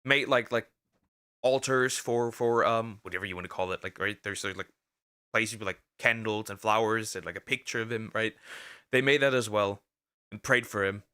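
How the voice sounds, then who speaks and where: A man streaming as a vtuber, talking in casual react commentary, rambling and halting with lots of fillers and restarts and speaking out bluntly. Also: on the low side, fairly even intonation, pushed and bright, clear, resonant tone. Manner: outspoken, ranting.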